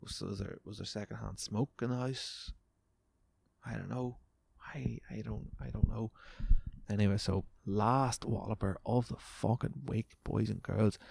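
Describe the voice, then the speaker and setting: A man's voice: lowish voice, fairly even intonation, unhurried, vocal fry, darkish tone, slightly rough, dry recording. A man hosting a casual solo podcast, sweary and sarcastic, his voice wearing out. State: voice going. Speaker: podcast host.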